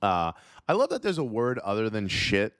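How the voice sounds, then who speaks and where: A man's voice: huge pitch swings, normal speed, a bit bright, clean tone, no echo, studio quality. A comedian host riffing casually, joking and laughing at his own bits. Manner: jokey, laughs at his own bits, jumps into silly high voices.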